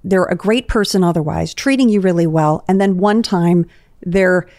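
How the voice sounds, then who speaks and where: A woman's voice: lowish voice, moderate pace, a little mellow, no echo, clean studio sound. Woman therapist explaining relationships. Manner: explanatory, analytical. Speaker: therapist guest. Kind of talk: podcast conversation.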